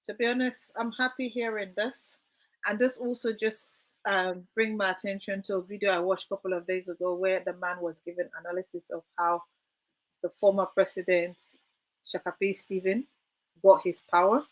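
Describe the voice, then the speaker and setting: A woman's voice: mid-range voice, little pitch movement, moderate pace. A woman co-hosting a political discussion, speaking earnestly and thinking aloud with some hesitation. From Sierra Leone. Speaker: co-host.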